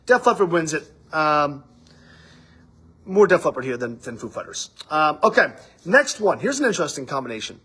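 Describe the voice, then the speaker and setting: Husky high-voiced man rambling on a livestream. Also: sing-song, moderate pace, bright, forceful tone. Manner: rambling, loose, swears casually. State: out of breath after running. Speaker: livestream host. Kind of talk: casual livestream chat. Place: studio office with window.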